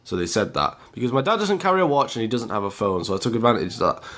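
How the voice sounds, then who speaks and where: A man's voice: on the low side, sing-song, quick pace, fairly bright tone. A man with a British accent telling a story to his viewers in a chatty vlog style, often calling them guys. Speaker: YouTuber.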